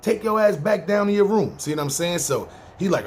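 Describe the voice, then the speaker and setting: A husky, high-pitched New Yorker tells a long story briskly and with animation. Casual and rambling on his podcast, he uses a New York accent, swears freely, and acts out what people said.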